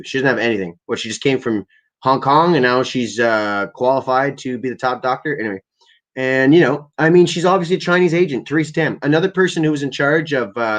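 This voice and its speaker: This livestream host, a young Canadian, rambles through a casual rant full of curse words and verbal fillers. His medium-pitched voice has a slightly bright quality.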